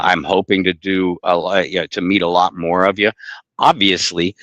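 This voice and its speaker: A man's voice: low-pitched, pushed and bright, no room sound. A man co-hosting a sports podcast in casual chat, rambling with many restarts and blunt swearing. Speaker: podcast co-host.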